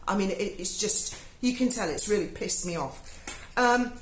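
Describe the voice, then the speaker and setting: A woman's voice: lowish voice, lively intonation, normal speed. Woman ranting sarcastically, swears a lot, voice swoops all over, echoey room. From Britain. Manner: sarcastic, swears freely, mocking asides. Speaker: YouTuber. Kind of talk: sarcastic review monologue. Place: home in Spain.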